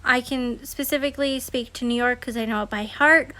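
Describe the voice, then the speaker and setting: A homeschooling mother speaks casually to her viewers, candid and chatty, full of "like" and "kinda." Her voice sits high and sounds bright and forward. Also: steady tone, brisk. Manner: candid, chatty storytelling with many fillers. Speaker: homeschooling parent and consultant. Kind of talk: casual personal vlog talk.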